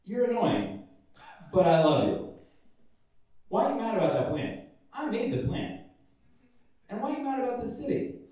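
A man voicing God as a patient parent figure who gently scolds someone he loves. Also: high voice, wildly swooping pitch, moderate pace, long pauses, pitched above the performer's own voice. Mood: fond scolding. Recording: echoey room, far from the mic.

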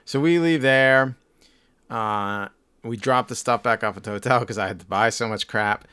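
A man's voice: mid-range voice, normal speed, pushed and bright, clear, resonant tone, no echo. A man co-hosting a podcast, telling a rambling story in casual chat with lots of fillers and restarts. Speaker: podcast co-host.

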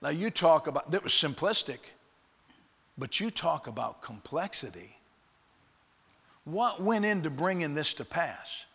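A man's voice: on the high side, unhurried, gravelly, pauses often, husky. A man preaching a sermon, telling a story with lots of restarts and acting out the people in it. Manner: animated storyteller acting out dialogue, frequent restarts. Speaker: pastor. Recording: long hall reverb.

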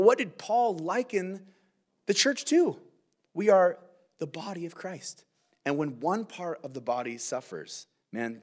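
A man preaches a verse-by-verse sermon in an earnest, conversational way, drawing his listeners in with quick asides. His voice sits a little high and moves a lot, rising and falling through each point. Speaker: pastor.

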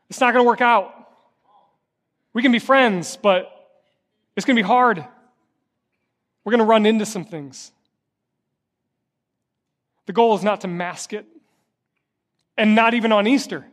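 High-voiced pastor preaching in a hall. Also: male voice, fairly bright tone. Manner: impassioned, rising and falling, repetitive cadence. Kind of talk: sermon. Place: church sanctuary.

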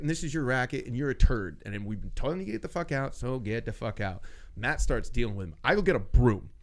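A man's voice: medium pitch, fast. A man working a comedy club door, telling a rambling, profane story and acting out the people in it. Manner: profane, animated, acts out quotes. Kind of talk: casual storytelling.

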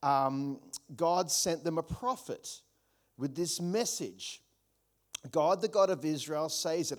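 A man preaching from the pulpit in a notably high voice. He speaks earnestly, circling back over words as he builds his points, and his emphasis swells as he drives a line home. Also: slow. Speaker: pastor. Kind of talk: sermon.

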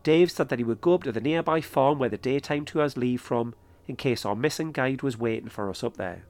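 A man narrating his own podcast episode in a calm, measured storytelling manner. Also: medium pitch. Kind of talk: scripted narration.

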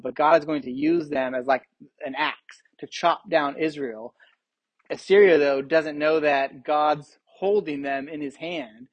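A man with a fairly high voice, preaching to a small evening group in a measured, earnest way. His words come across dry and close, with no room echo. He moves from a sermon into prayer and then into easy questions and answers. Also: highs cut off. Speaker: pastor leading a Bible study.

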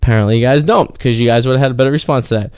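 A man's voice: mid-range voice, racing, darkish tone, clean tone, dry recording. A man hosting a comedy show, rambling through a monologue and talking straight to his listeners. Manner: rambling, loses his train of thought, addresses listeners. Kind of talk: stand-up style monologue.

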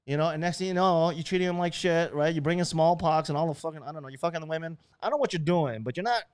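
A man's voice: fairly high pitch, racing, clear, resonant tone, no room sound, clean studio sound. Brash swearing man. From Hawaii. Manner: brash, swearing, animated bursts. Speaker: host. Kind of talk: casual profane chat.

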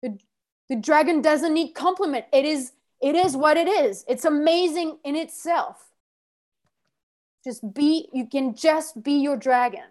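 A woman's voice: sits high, unhurried, darkish tone. A woman leading a workshop as coach, giving short, blunt, profane orders. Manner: commanding, gives short orders.

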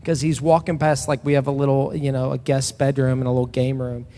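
A man's voice: medium pitch, little pitch movement, fairly quick, dark tone. A man in his thirties preaching a casual, conversational sermon to a church. He talks loosely and personally, with frequent restarts and fillers. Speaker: pastor. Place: church sanctuary. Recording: long reverb in a large hall.

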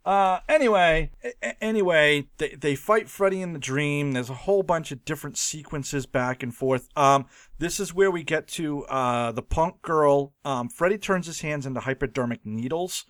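A man's voice: fairly high pitch, moderate pace, fairly bright tone, no room sound, studio quality. A man co-hosting a casual movie review podcast, rambling through the plot and laughing often. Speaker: podcast co-host.

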